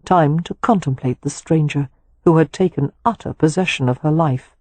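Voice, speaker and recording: A woman narrating a romance audiobook in a measured, expressive reading. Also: low voice, slightly rough, dry recording. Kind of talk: scripted narration of a romance novel.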